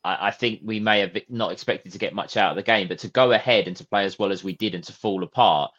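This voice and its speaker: A man co-hosting a football podcast in casual chat. He talks thoughtfully, pausing on fillers as he works through his points. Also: lowish voice, fairly bright tone, muffled recording. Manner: thoughtful, hesitant, many fillers. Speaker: podcast co-host.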